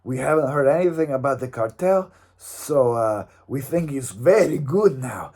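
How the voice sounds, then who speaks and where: A man's voice: mid-range voice, expressive, moderate pace, a little mellow. A man voicing a boastful macho gym owner in a mock ad, with a put-on Mexican accent and broken English. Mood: bragging. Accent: put-on Mexican Spanish accent. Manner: broken English, bragging, hammy. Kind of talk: mock radio ad.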